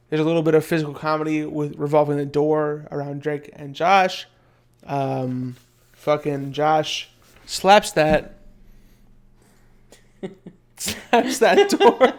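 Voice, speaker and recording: Brief: young male co-host, slightly high voice, profane, recaps from notes. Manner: profane, reads episode notes. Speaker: podcast co-host. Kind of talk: casual recap chat.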